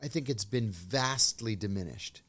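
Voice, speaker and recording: A man's voice: lowish voice, animated, measured pace, fairly bright tone. A man, a guest in an interview, speaking casually and telling anecdotes, sometimes acting out the lines of the people in his story. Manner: anecdotal, acts out quoted dialogue. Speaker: interview guest, former intelligence officer.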